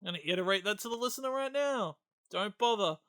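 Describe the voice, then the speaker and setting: A man's voice: very high voice, rapid-fire, pushed and bright, clear, resonant tone. A man in his twenties co-hosting a podcast, chatting casually in a sarcastic, mock-earnest way. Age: 20s. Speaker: podcast co-host. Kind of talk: casual chat, film review.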